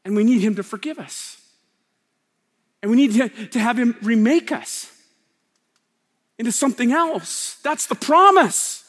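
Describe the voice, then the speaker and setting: A man preaching a sermon, swinging between loud emphasis and hushed, slow lines. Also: very high-pitched, lively intonation. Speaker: pastor. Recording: long hall reverb.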